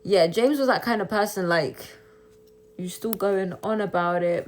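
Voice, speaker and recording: On a phone live stream, a young woman reads viewer comments and answers them, switching between English and Albanian and sliding into taunting, indignant rhetorical questions fired off rapidly and repeatedly. Her voice is medium-pitched, with slight background noise.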